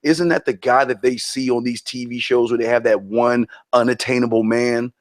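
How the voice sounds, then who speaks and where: A man's voice: medium pitch, fairly even intonation, moderate pace, dry recording. A man co-hosting a podcast in a brash, profane and emphatic way. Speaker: podcast co-host. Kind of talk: casual crude podcast talk.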